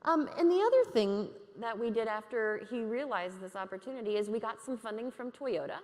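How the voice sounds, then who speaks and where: A woman talks to a conference crowd in a candid, lively way, often laughing with them. Her voice sits a little high. The sound carries a long reverb from a large hall. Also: a little fast. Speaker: keynote speaker. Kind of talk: conference keynote talk.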